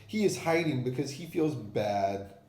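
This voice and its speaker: A man voicing a boastful quick little ant in a children's storybook, reading eagerly. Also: mid-range voice, lively intonation, a little mellow, echoey room, natural voice.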